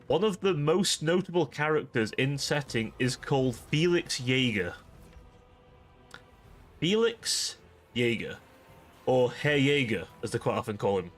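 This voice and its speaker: A young man streams a strategy game live and rambles jokily to his chat. His voice sits at a plain mid pitch with an easy, casual delivery. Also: moderate pace, hardly any pauses, soft background music. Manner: rambling, jokey, talks to chat.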